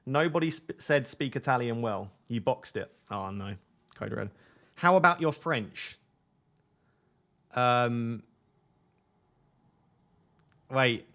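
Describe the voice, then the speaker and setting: Male stream host, mid pitch, casual and self-mocking while reading chat, desk mic at home. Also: animated, slow pace, long pauses, fairly bright tone. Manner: jokey, self-mocking, reads chat aloud. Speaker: fantasy football streamer. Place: home at night.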